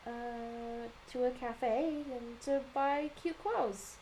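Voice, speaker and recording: A woman's voice: fairly high pitch, a little hiss or hum, poor audio. A shy, hesitant young guy, as a woman reads him aloud. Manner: hesitant, halting, soft-spoken.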